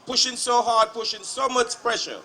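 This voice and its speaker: A male legislator speaking at a protest rally in a deliberate, chant-like way, leading repeated calls. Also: extremely high pitch, steady tone, pushed and bright. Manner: slow, deliberate, chant-like repetition. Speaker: state legislator.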